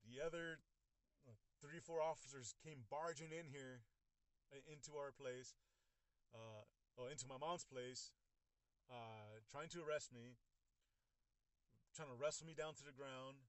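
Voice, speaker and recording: A young man casually retelling a personal story. He talks in a halting way, repeats words and acts out what others said. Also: mid-range voice, dry recording.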